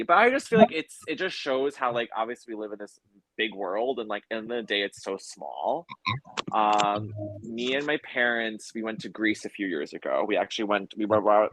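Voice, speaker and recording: A man's voice: on the low side, a bit bright, slight background noise, rough recording. A man from New York, a podcast guest, telling travel stories in casual chat, rambling with lots of fillers and restarts.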